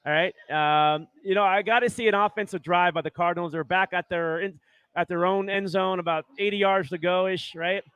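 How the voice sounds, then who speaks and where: A man hosting a sports podcast in casual chat, excitable and rambling, checking in with "right?" often. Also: high-pitched, normal speed, clear, resonant tone, no echo. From Arizona. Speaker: podcast host.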